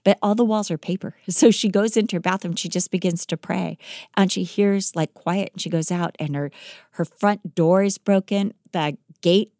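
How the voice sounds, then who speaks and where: A woman podcast host telling a life story in a lively, dramatic way, acting out the quoted lines. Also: lowish voice, normal speed, dry recording, clean studio sound. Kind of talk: animated storytelling.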